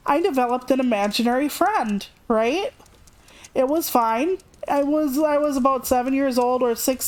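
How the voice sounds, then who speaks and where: Chatting with lots of energy, a young woman streamer recounts something from her own life, pitching her voice up to play out other people's lines.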